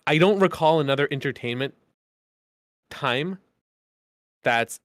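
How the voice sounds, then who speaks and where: A podcast co-host chats casually, rambling with plenty of fillers and restarts. His voice sits a little high and sounds fairly bright, and he takes his time. The recording is dry with clean studio sound.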